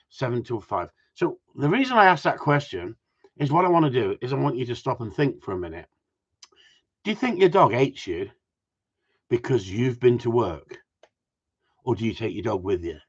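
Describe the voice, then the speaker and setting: The recording is muffled and lo-fi, catching a man's lowish, darkish, husky voice. He trains gundogs and is talking casually outdoors in the cold, rambling, cracking jokes, and reading out viewers' comments.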